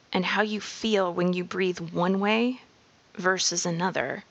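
A woman giving a slow, measured reflective monologue on personal growth. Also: mid-range voice, gravelly, muffled recording. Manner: slow, measured, drops into whispers.

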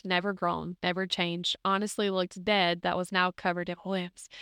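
A woman tells a deeply personal faith story on her podcast, speaking earnestly and emotionally in a loose, conversational way. Her voice is smooth and clear at a middle pitch. The recording is dry and close. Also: a bit bright, no room sound. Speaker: podcast host.

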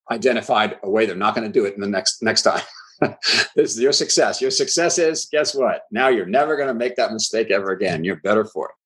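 A man who teaches claims training, speaking as a guest in an interview and telling lively stories in quick bursts. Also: lowish voice, rough recording. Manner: animated storyteller, quick bursts. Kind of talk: conversational interview.

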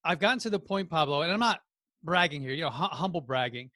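A man with a New Jersey accent, a podcast guest telling animated stories and acting out quotes in casual chat. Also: a little high, fast talker, dry recording, studio quality. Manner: animated storyteller, acts out quotes.

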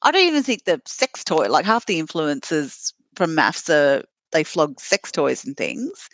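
Lower-voiced sarcastic woman co-host. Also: sing-song, dry recording. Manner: blunt, sarcastic, quick asides. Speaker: podcast co-host. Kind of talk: casual recap chat.

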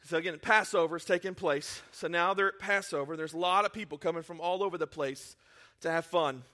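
A man preaching a lively sermon as pastor, acting out Bible scenes in playful voices. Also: on the high side, a little fast. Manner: energetic, acts out Bible scenes in character voices.

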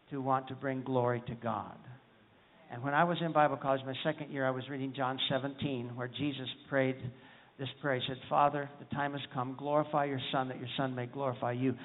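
A man's voice: medium pitch, in a large hall. A man preaching a folksy, humorous sermon, often asking the congregation for an amen. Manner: folksy, humorous, calls for amens. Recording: tinny phone-like sound.

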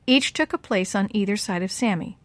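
A woman reading a chapter book aloud to children, giving the kids' lines lively voices. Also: mid-range voice, fairly quick, no room sound. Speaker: storyteller for children.

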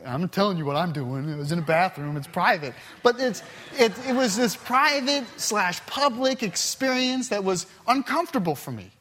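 A middle-aged man with a slightly high voice leads a Bible class. He talks in a relaxed, conversational way, and his stories come out earnest and full of restarts. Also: moderate pace, few pauses, slight background noise. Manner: earnest, anecdotal storytelling with many restarts. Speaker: Bible study teacher.

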